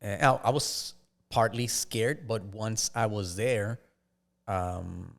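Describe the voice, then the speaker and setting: A man, a podcast guest, telling his life story in a casual, halting way with frequent restarts. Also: fairly low pitch, creaky.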